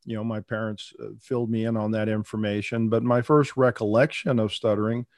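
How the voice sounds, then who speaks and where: A man's voice: on the low side, fairly even intonation, fairly quick, a little mellow, dry recording, clean studio sound. An older man who grew up in Minnesota and Texas, a guest in an interview, telling his story reflectively with many fillers and some stuttering. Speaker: guest, veterinarian. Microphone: remote call.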